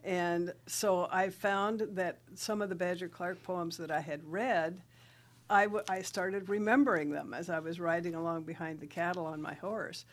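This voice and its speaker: An older woman from South Dakota speaks as a guest writer and rancher. She tells her stories in a lively way, laughing often and breaking into recited verse. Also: lowish voice, moderate pace. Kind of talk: radio interview storytelling.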